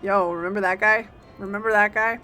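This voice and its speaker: A woman streaming a game live, chatting casually and playfully with bursts of loud exclamations. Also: mid-range voice, fairly even intonation, a little fast, faint music behind.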